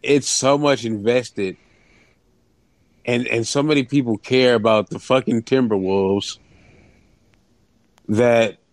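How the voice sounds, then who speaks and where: A man's voice: medium pitch, slow, pauses often, dry recording. A man co-hosting a sports podcast in casual chat, emphatic and sarcastic with frequent swearing. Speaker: podcast co-host.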